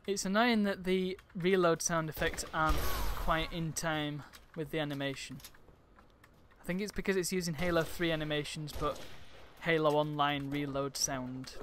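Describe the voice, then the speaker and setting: A man's voice: a little high, steady tone, moderate pace, fairly bright tone. A man with a Yorkshire accent gives casual, rambling gameplay commentary full of sarcastic asides. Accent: Yorkshire English. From Yorkshire, England. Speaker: game streamer. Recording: game audio and noise behind voice. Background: game ambience and gunfire.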